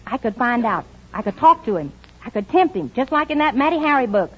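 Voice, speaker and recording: A woman's voice: fairly high pitch, lively intonation, a little fast, slightly rough. A brash Ozark hillbilly girl. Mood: eager. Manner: folksy, ungrammatical, earnest. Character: naive brash hillbilly country girl turned amateur spy-catcher. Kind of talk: 1940s film comedy acting. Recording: dull old film soundtrack with hiss.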